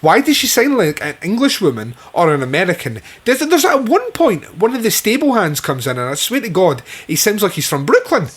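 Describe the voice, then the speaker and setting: A man co-hosting a casual film podcast, with a voice pitched a little higher than most men. He talks with eager enthusiasm and peppers his chat with swearing. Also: wildly swooping pitch, a little fast, few pauses, fairly bright tone, breathy edge. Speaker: podcast co-host.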